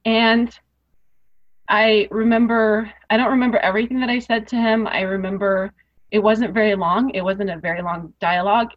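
A woman appears as an interview guest on a podcast, relating her personal story in a medium-pitched, steady voice at moderate speed. Her tone is earnest and emotional with mounting intensity, and she repeats phrases for emphasis; the recording sounds dull and lo-fi.

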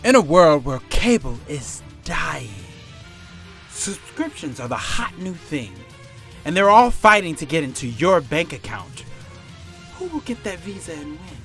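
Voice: mid-range voice, fairly bright tone. A comedian voicing a dramatic movie-trailer announcer with portentous rhetorical questions, in a parody of trailer narration.

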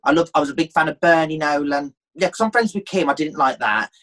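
A man's voice: fairly high pitch, a bit bright. A man, chatting as a guest on a talk show. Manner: chatty, quick to mimic others. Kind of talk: casual chat.

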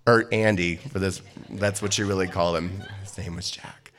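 A man's voice: lowish voice, moderate pace. Laughing man telling a funny story. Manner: animated, often laughing as he tells it. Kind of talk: telling a personal anecdote.

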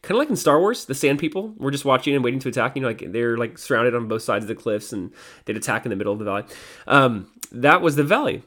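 A man's voice: medium pitch, expressive, fast talker, fairly bright tone. A man hosting a devotional podcast, teaching a psalm in a conversational way with fillers and self-corrections.

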